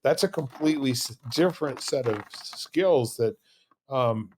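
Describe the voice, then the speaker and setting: A male host in a relaxed interview with a voice of ordinary pitch. He thinks aloud, paraphrasing his guest's words, and drops in light-hearted jokes. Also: measured pace, a little hiss or hum. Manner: reflective, paraphrasing, joking. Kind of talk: casual interview.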